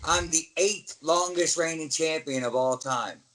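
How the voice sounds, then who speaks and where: A middle-aged man from the United States talks in a lively, storytelling way, often slipping into the voices of the people he describes. His voice sits a little higher than most men's. He speaks as a guest recalling his wrestling career in a relaxed interview. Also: unhurried, a little hiss or hum, poor audio. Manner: animated storyteller, acts out quoted voices. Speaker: guest, former pro wrestler.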